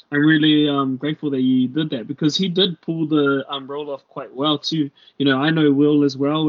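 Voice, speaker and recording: Relaxed New man hosting. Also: fairly high pitch. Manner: relaxed, warm thanks, fillers. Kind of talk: casual chat. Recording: slightly muffled recording.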